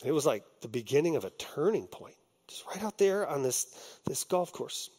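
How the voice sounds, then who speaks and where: A man's voice: fairly high pitch, sing-song, normal speed, a little mellow, husky. A male pastor delivering a sermon, telling a personal story in a conversational way with many ums and restarts. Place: on a stage before a congregation.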